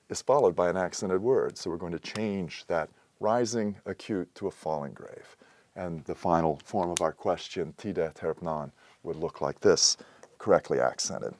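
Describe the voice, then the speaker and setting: Low-voiced man teaching slowly. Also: a little mellow, dry recording. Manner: measured, explanatory, with frequent "uh" pauses. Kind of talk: recorded lecture.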